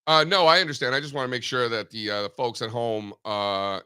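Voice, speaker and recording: A man co-hosting a casual market talk show over a video call, animated and joking, with lots of fillers. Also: mid-range voice, fairly quick, clean tone.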